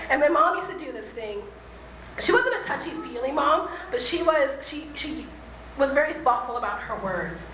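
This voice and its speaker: A woman giving a reflective faith talk, earnest and conversational, slowing down to stress key points. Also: high-pitched, a bit bright, a little hiss or hum. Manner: earnest, conversational, slows for emphasis. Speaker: speaker. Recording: echoey room with faint ambience.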